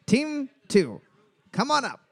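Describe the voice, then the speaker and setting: Running trivia in a bar, a young guy reads out questions and scores, tossing in crude jokes and casual swearing. His high, bouncy voice jumps all over in pitch, with vocal fry and an unhurried pace, his manner joking and animated.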